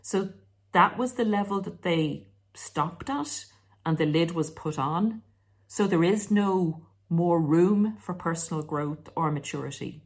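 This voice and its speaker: A woman's voice: on the low side, a little slow. A woman host talking through relationship advice in a casual monologue, sarcastic at times. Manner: sarcastic, acts out mocking quoted voices. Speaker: self-help video host.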